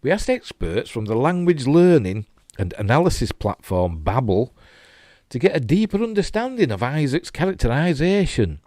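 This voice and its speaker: A man's voice: mid-range voice, very animated, moderate pace, warm tone, dry recording. Yorkshire man reading geek news. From Yorkshire, England. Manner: dry jokey asides, chuckles.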